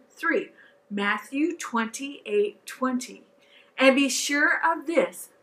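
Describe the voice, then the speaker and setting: A woman's voice: on the high side, bright, forceful tone, poor audio. A woman teaching children a scripture memory verse, coaxing them to count and recite along with her. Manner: coaxing call-and-response, counting aloud. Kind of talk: leading a scripture memory lesson.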